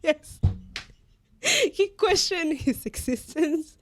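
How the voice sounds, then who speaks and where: A woman's voice: sits high, slow, no room sound, studio quality. A woman co-hosting a podcast, telling an embarrassing story in casual chat, laughing often and slipping into Spanish phrases. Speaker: podcast co-host.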